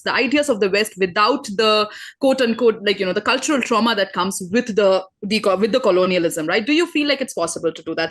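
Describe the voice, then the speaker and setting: A woman's voice: medium pitch, fairly bright tone. A woman moderating a panel discussion, conversational and hedging with fillers as she hands over questions.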